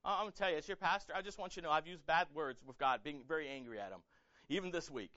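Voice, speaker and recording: Male pastor, sermon, chatty and animated, bright voice, fairly high, dull dry lo-fi recording. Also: racing, no echo. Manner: animated, conversational, acts out quotes, many fillers and repeats.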